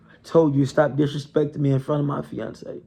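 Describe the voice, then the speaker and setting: A man's voice: on the high side, flat delivery, a little fast, gravelly, mellow, husky. A man voicing a vengeful jilted fiancé who speaks in a stern, menacing way.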